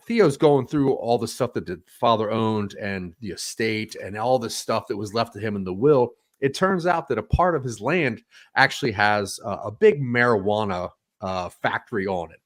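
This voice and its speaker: A man's voice: lowish voice, a bit bright. A man chatting on a podcast about TV shows, enthusiastic and rambling, with lots of fillers and restarts. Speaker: podcast guest reviewing TV. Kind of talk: casual podcast chat.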